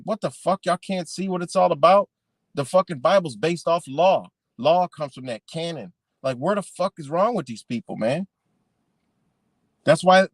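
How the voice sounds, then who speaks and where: A man on a live stream, ranting in a heated, rambling way and swearing constantly. His voice sits a little high for a man. The sound is dry and close, with no room echo. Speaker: livestream host. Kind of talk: unscripted live-stream rant.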